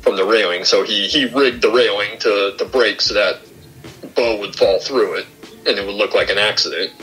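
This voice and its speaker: A young man with a fairly low, somewhat bright voice speaks at a moderate pace over soft background music, and the audio quality is low. He hosts a podcast, giving a relaxed film review by retelling the plot in order and acting out quotes.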